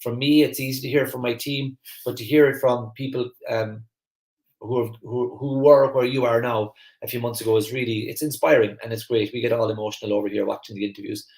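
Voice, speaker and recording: A man with an Irish Kerry accent, hosting a live online masterclass. He talks fast and eagerly, with lots of fillers and restarts, and chats with viewers. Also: medium pitch, echoey room. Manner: fast, energetic, chatty, many fillers and restarts. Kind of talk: live-stream talk to viewers, reading the chat.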